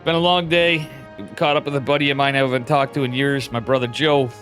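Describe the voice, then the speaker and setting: Tired male solo caster, loose and chatty, gets loud when fights start; music running underneath. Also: mid-range voice, level tone, fairly quick. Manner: casual and chatty, rising sharply when a fight breaks out. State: tired, yawning. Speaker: esports commentator. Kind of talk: solo live game commentary.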